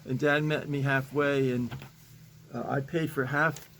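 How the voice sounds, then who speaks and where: A man's voice: medium pitch, level tone, a little slow, fairly bright tone, a little hiss or hum. A man in his seventies reading comic strips aloud in a casual, rambling way, chuckling often and restarting his sentences. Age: 70s. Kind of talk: casual chat.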